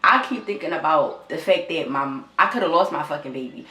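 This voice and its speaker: A woman's voice: deep voice, animated, a little fast, bright, forceful tone, echoey room. A young woman telling her story straight to viewers in a vlog, near tears, raw and repetitive, swearing often. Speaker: vlogger.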